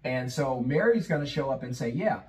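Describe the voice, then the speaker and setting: A man's voice: mid-range voice, expressive, a little fast, a little mellow, poor audio. A man teaching as a business coach in a conversational way, throwing rhetorical questions at the listener and acting out sales calls. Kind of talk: instructional talk.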